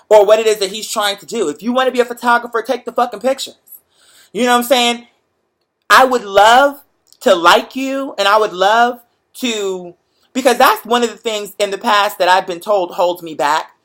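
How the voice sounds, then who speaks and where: A young man hosting a show, chatting to viewers in a lively, profane, motivational storytelling way. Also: high voice. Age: young adult. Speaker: show host. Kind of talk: casual livestream chat to viewers.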